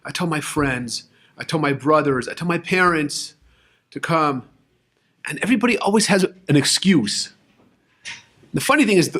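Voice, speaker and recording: A man's voice: fairly high pitch, fairly bright tone. A young man speaking casually, urging listeners to move to Israel and telling stories with voiced quotes and frequent restarts. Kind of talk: casual spoken talk. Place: lives in Israel.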